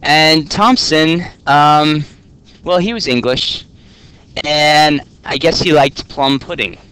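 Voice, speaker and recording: A man teaching a class in a relaxed, joking way, often checking in with "okay?". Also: on the high side, slow pace, clean tone. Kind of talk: classroom lecture. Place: classroom with students.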